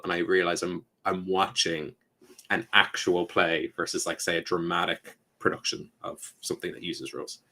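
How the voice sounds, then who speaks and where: A man talking casually on a podcast about tabletop gaming. He is animated, keeps dropping into quick quoted voices, laughs mid-sentence and swears now and then. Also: sits low. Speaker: podcast co-host.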